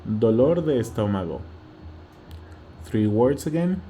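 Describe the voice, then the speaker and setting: A man's voice: mid-range voice, animated, unhurried, dark tone, faint music behind. A man with a Mexican accent teaching vocabulary, patiently repeating each word and often checking in with "okay?". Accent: Mexican Spanish. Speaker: Spanish teacher. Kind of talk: slow vocabulary lesson.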